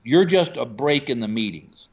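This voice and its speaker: A man from Texas, a stand-up comedian telling animated stories about his gigs in a casual chat. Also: mid-range voice, normal speed, muffled recording. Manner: animated storyteller, acts out quoted voices.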